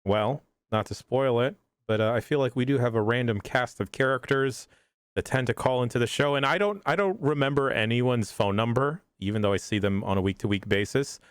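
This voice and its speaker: A man's voice: mid-range voice, fairly quick, smooth, dry recording, clean studio sound. A man hosting a casual podcast chat, wry and laid-back, swearing casually. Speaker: host.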